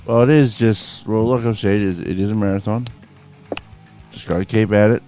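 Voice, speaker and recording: A man's voice: lowish voice, steady tone, moderate pace, warm tone, faint music behind. A man co-hosting a podcast, chatting in a laid-back way and swearing freely. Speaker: podcast co-host. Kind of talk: casual podcast chat.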